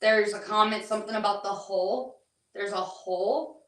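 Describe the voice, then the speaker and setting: A woman's voice: medium pitch, a bit bright, distant mic. Hesitant woman medium in an echoey room. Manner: halting, hesitant, restarts and relays what she hears. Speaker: psychic medium on a paranormal investigation. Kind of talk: live on-site spirit readings.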